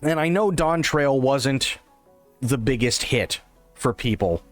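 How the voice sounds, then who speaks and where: Animated man streaming, lively pitch. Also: slow pace, faint music behind. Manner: animated, repeats himself, stammers on restarts. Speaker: livestream host reacting to an interview. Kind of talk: casual reaction commentary.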